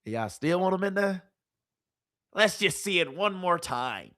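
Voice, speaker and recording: A woman streamer giving casual, animated sports commentary, full of rhetorical questions and slang. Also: lowish voice, measured pace.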